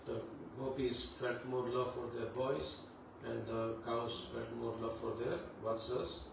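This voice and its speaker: Teacher, man, gravelly low voice, casual class talk, recorded far off in an echoey temple hall with noise. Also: flat delivery. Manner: unhurried, conversational, many fillers. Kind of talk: devotional class talk with Sanskrit chanting. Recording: echoey hall, distant mic, background noise.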